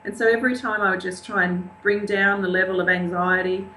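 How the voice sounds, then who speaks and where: A woman's voice: medium pitch, steady tone, brisk, pushed and bright. Earnest woman recounting in an echoey room. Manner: candid, earnest recounting of a painful event. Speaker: interview guest. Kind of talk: personal storytelling. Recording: roomy, echoey with faint hum.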